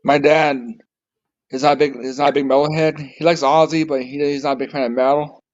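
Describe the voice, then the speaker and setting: Slightly higher man on a lo-fi call. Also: little pitch movement, a little fast. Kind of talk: casual video-call chat. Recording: dull lo-fi call audio.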